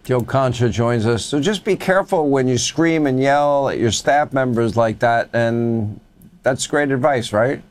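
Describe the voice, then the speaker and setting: A man's voice: mid-range voice, unhurried, background noise. A man hosting a talk radio show, setting up clips with sarcastic quips. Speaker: radio host.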